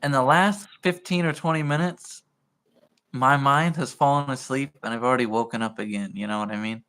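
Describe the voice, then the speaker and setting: A man with a middle-pitched voice chats casually. He sounds drowsy and laid-back, and soft laughs slip in between his words. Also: fairly quick, smooth. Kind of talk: casual chat.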